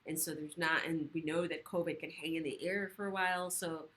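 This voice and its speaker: Speaking in a low-pitched voice, a woman who teaches sexual health runs an informal livestream from her living room, talking quickly and energetically and cursing casually.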